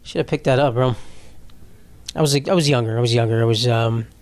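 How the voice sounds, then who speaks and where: A man's voice: mid-range voice, brisk, dry recording. A young man hosting a casual solo podcast, rambling and profane, laughing as he reads posts aloud. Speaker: podcast host.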